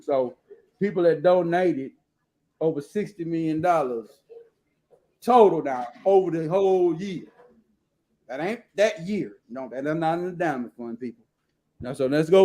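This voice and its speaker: A man with a high-pitched voice hosts casual live commentary, talking bluntly and swearing freely. He rambles along as he reads numbers and definitions aloud from his screen. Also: a little mellow. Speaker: host.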